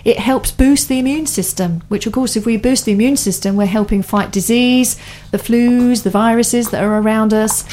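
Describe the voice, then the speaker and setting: A woman's voice: on the high side, moderate pace, few pauses, mellow, slight background noise. A woman hosting a radio chat show, talking enthusiastically in long, running sentences. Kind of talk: casual studio chat.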